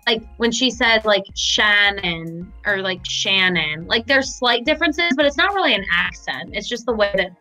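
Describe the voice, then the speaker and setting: A woman's voice: fairly high pitch, lively intonation, fairly quick, hardly any pauses, bright, forceful tone, soft background music, low-quality recording. A woman co-hosting a podcast, chatting casually with short easygoing replies. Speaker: podcast co-host. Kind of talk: casual chat.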